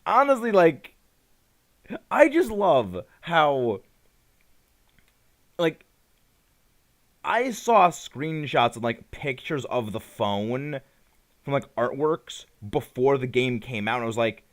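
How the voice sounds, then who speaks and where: A man giving casual live commentary on a game he plays, excitable and full of fillers and laughs. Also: medium pitch, takes it slowly, long pauses. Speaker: gaming streamer.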